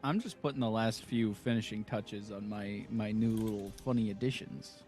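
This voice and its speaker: A man's voice: lowish voice, fairly even intonation, normal speed, darkish tone, soft background music. A man playing a tabletop game, playful and teasing. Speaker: player. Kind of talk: casual play at a tabletop game.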